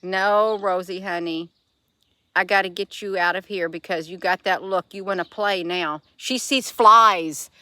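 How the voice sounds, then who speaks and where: A woman's voice: mid-range voice, bright, forceful tone, no room sound. A middle-aged woman vlogging in a rambling, casual way, cooing fondly at her pet cat between remarks. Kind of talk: casual vlog chat.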